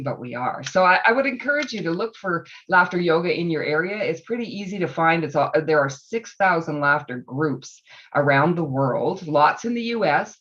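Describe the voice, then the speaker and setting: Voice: mid-range voice, a bit bright, recorded from a distance, muffled recording. A laughter yoga leader guiding a group through breathing and laughter exercises in an encouraging, instructive way, often laughing along. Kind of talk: guided group exercise on a video call.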